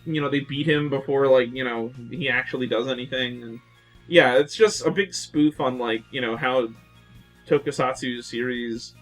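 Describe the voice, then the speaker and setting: A man co-hosting a casual podcast chat, rambling excitedly with lots of fillers and acting out quotes in voices. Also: medium pitch, moderate pace, faint music behind. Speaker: podcast co-host.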